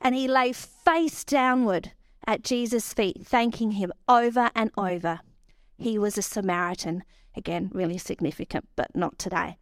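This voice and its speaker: A woman, preaching a sermon and telling stories with animated quoted voices. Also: mid-range voice, normal speed, no room sound, studio quality.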